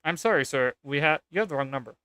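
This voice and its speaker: A man voicing a bored young female sales operator who speaks in a flat monotone. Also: fairly high pitch, quick pace, clean tone, no echo, clean studio sound.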